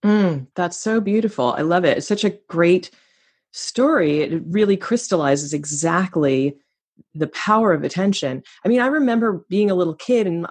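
Effusive woman podcast host, husky. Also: fairly low pitch, lively intonation, normal speed, a little mellow. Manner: effusive, enthusiastic. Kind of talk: interview conversation.

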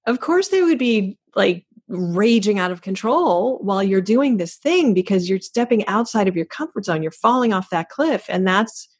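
A woman hosting a podcast, speaking in a thoughtful, affirming and measured way. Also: medium pitch, expressive, husky. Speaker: podcast host. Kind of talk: reflective interview chat.

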